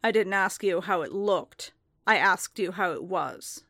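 Woman reading as a commanding man in a storybook, low, measured and deliberate, dry close sound. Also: pushed and bright, dry recording, full character voice. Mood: stern. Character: stern commanding adult male bounty hunter.

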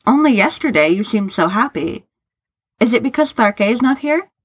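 A woman voicing a doting, gentle male dragon who frets and speaks in a formal, old-fashioned way. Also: a little high, animated, moderate pace, slightly rough, no echo, pitched above the performer's own voice.

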